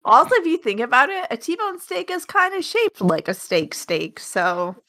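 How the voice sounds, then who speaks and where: A woman co-hosting a podcast, giggly and animated, jumping in with jokes. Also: sits high, normal speed, no room sound, clean studio sound. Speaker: podcast co-host. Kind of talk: casual chat.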